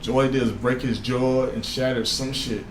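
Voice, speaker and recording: A man co-hosting a casual podcast chat, talking in an animated, insistent way and swearing freely. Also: mid-range voice, moderate pace, noisy background. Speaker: podcast co-host. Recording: echoey room with faint ambience.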